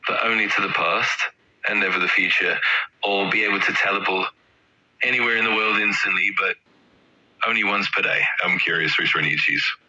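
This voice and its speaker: Bright, husky male AI voice. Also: fairly low pitch, brisk. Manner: agreeable, stock enthusiastic phrasing. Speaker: AI chat companion. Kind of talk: upbeat conversational replies. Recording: dull lo-fi recording.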